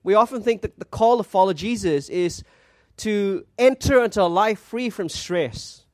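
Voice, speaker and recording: Preaching earnestly at a moderate pace, this pastor breaks off to pose rhetorical questions and cite scripture. His voice sits high for a man with a darkish tone, captured dry and close with no sense of the room.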